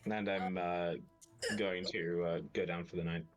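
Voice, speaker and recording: A man playing a tabletop game in character, speaking in a measured, dry way with pauses. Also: deep voice, little pitch movement, soft background music. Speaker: player.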